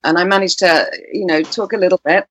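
A woman's voice: fairly low pitch, steady tone, brisk, husky. A woman guest telling a personal story in an interview, earnest and searching for her words. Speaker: guest, composer and musician.

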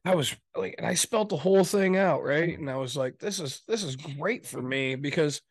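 With a slightly high, breathy-edged voice at a moderate pace, this man co-hosts a podcast in a space with no room sound. His casual chat is full of jokes and stories, and he voices each side of the conversations he describes.

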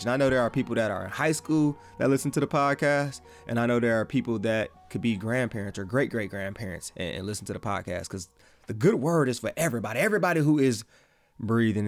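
A man with a Midwestern accent hosting a casual faith podcast, talking excitably in slang and repeating his phrases. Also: medium pitch. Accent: Midwestern American. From American Midwest. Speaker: podcast host.

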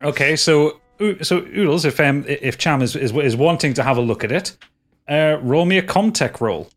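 Halting game master. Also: male voice, fairly high pitch. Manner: halting, full of restarts and fillers. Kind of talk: narrating a tabletop game.

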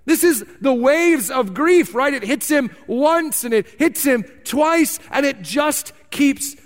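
A man preaching a sermon as pastor, emphatic and animated, repeating words for stress. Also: extremely high pitch, slow. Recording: long reverb of a large hall.

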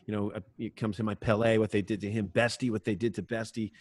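A middle-aged man hosting a podcast, joking and animated as he tells stories and questions his guest. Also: fairly low pitch, fast, no room sound. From Ireland. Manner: jokey, animated, lively storytelling. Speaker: podcast host. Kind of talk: casual interview chat.

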